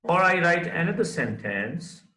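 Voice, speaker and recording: A man's voice: a little high, very animated, a little slow, sharp tone. A man teaching a recorded lecture, who explains step by step and keeps checking understanding with "right?". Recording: echoey room.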